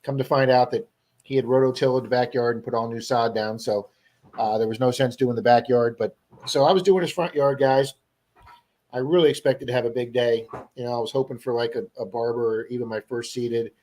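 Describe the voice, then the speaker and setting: A man co-hosting a livestream, telling an animated story to his viewers in a casual chat. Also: medium pitch, fairly quick. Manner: animated storyteller who acts out quoted people. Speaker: livestream co-host.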